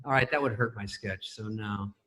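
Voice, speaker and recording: A middle-aged man telling stories as a talk show guest over a video call, laughing through them and doing quick impressions of other people. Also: on the low side, fairly bright tone. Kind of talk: casual anecdote telling.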